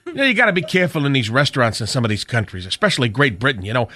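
A man's voice: mid-range voice, wildly swooping pitch, pushed and bright. A man playing a corny older male stand-up comic on a radio comedy bit, who rattles off jokes and laughs at his own punchlines. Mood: brash joking. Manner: rapid joke-telling, laughs at own punchlines.

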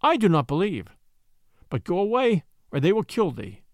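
Rich: An anxious village mother, loving and desperate, her voice pitched high and urgent, as a male narrator puts her on. The delivery is lively and the sound dry and close. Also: normal speed, no echo. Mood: pleading. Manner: pleading, urgent.

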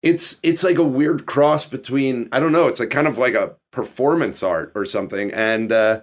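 A man's voice: medium pitch, normal speed. A male voice-over artist chatting as a guest, telling self-deprecating stories. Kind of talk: casual chat, telling anecdotes.

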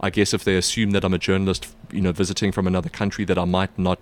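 A sports reporter co-hosting a podcast chats casually with colleagues in a low, flat voice at a very fast clip, using lots of fillers and restarts.

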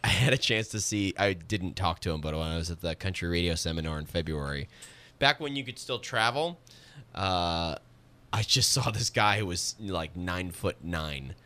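A man with a low, deep voice hosts a radio show in easy conversational banter. His tone is bright and forceful, and his speech rises and falls in a lively way as he tells stories. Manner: chatty, storytelling, quick asides.

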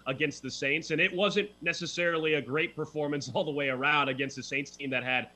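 Bright-voiced male sports show host. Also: on the high side, fairly even intonation, brisk, low-quality recording. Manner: loose, chatty, frequent restarts. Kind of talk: casual sports talk.

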